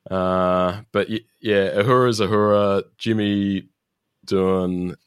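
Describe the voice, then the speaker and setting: A man's voice: lowish voice, fairly even intonation, takes it slowly, clean tone, no echo, clean studio sound. A man co-hosting a podcast, chatting casually as he recaps an episode, laughing often and using lots of fillers. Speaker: podcast co-host.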